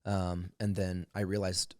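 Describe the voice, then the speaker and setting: A man's voice: low-pitched, little pitch movement, measured pace, no echo, studio quality. A man co-hosting a comedy podcast, chatting casually and eagerly talking through joke premises. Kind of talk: casual chat.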